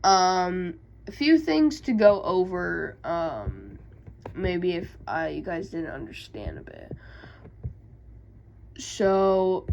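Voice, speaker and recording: A woman's voice: on the low side, sing-song, takes it slowly, vocal fry, a little mellow, muffled recording, slight background noise. A woman casually recapping video game lore, hesitant, with many fillers and self-corrections. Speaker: YouTube creator.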